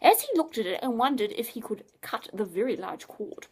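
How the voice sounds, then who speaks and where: Storyteller: a woman reading an adventure aloud, lively and playful, slightly high. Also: fairly quick, breathy edge. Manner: expressive, with hushed whispers and playful asides.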